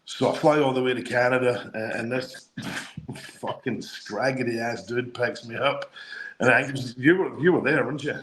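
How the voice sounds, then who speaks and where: A man's voice: mid-range voice, moderate pace, fairly bright tone, roomy sound, a little hiss or hum, rough recording. Scottish man telling profane stories. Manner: profane, laughing anecdotes. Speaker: guest, former wrestler. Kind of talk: casual storytelling.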